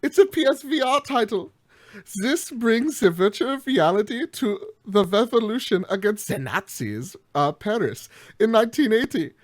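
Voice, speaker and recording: A man reading a game blurb as a put-on German-accented male announcer, loud and exaggerated in a trailer-style way. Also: high voice, very animated, moderate pace, voice pushed up. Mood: hammy.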